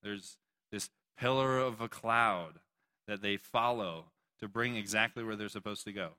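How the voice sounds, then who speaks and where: Bright-voiced young pastor preaching. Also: male voice, fairly low pitch, a little slow. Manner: animated, joking, takes questions from listeners. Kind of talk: youth sermon.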